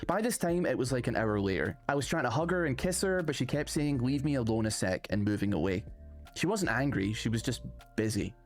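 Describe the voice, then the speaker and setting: A man hosting a channel, reading online posts aloud and chatting about them in a casual, animated way. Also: medium pitch, brisk, soft background music. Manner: chatty, animated, rising emphasis on phrase openings. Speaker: host reading online stories. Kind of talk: casual read-aloud and commentary.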